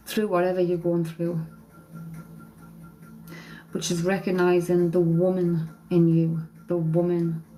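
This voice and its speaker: A woman working as a psychic medium on a live stream, tearful and emotional, talking in halting phrases broken by sighs. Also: lowish voice, vocal fry, warm tone, slight background noise, rough recording. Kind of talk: live-stream spirit reading. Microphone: phone or webcam on a live stream.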